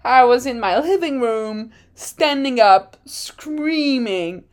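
A woman's voice: on the high side, expressive, takes it slowly. A woman hosting a podcast with casual, dramatic chat. She often laughs at her own jokes. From France. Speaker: podcast host.

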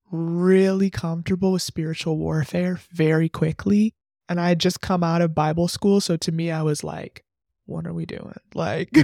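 Earnest woman with a gravelly fry. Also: lowish voice, darkish tone, no echo, studio quality. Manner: earnest and reflective, heavy use of "like". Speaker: podcast host sharing a testimony. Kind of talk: casual faith podcast testimony.

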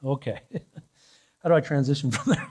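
A man's voice: mid-range voice, sing-song, a little fast, a little mellow, slightly rough. A male pastor preaching a sermon in church, teasing the congregation and building to fervent calls.

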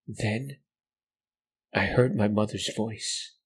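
A man narrating a horror story in a slow, hushed, dramatic way. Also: low-pitched, vocal fry, husky. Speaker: podcast narrator.

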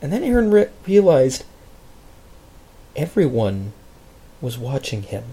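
A man's voice: takes it slowly, breathy edge. A male pastor telling a Bible story dramatically in a sermon. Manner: dramatic, expressive storytelling with big pitch swings.

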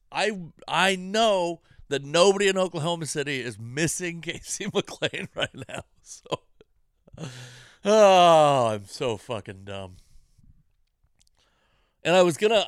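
A man's voice: medium pitch, fairly bright tone, clean tone, no room sound, clean studio sound. A comedian hosting his own podcast, ranting casually in an exasperated, profane, rambling way about his bad week at home. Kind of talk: casual self-deprecating monologue.

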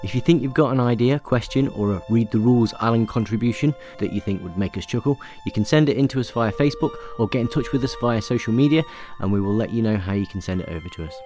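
A man's voice: medium pitch, fast, hardly any pauses, warm tone. English man, easygoing podcast co-host, chuckles often, faint music underneath. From England. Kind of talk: casual chat.

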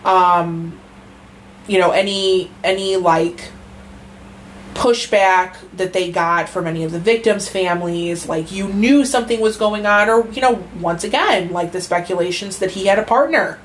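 A woman's voice: medium pitch, a little slow, a little hiss or hum, rough recording. A woman co-hosting a casual true-crime podcast, talking in a rambling, profane way with lots of fillers. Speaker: podcast co-host.

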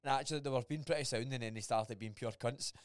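A young man with a Scottish accent, co-hosting a podcast in an animated, sweary way. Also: medium pitch, quick pace, clear, resonant tone, dry recording, clean studio sound. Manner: animated, sweary, repeats words. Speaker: podcast co-host. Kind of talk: casual chat.

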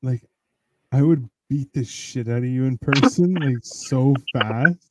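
A man hosting a podcast in a rambling, profane, excitable casual chat while high. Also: a little slow, noisy background. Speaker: podcast host.

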